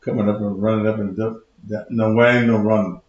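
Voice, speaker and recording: A man's voice: fairly low pitch, level tone, brisk, a little mellow, heavy reverb, lo-fi sound. A man hosting a talk show in a loose, emphatic monologue, a little out of breath. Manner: loose, conversational, emphatic with repetition.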